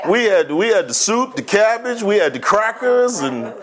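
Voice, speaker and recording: A man preaching a sermon as pastor, mixing folksy stories with slow, deliberate scripture reading. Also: sits high, very animated. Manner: folksy, chuckles through his stories.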